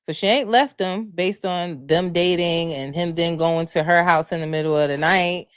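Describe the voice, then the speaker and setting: Woman with spilling reality tv tea on her live show, lowish voice, dry close sound. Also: moderate pace, smooth, dry recording. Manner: animated, gossipy, rhetorical questions. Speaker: podcast host. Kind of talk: casual live recap chat.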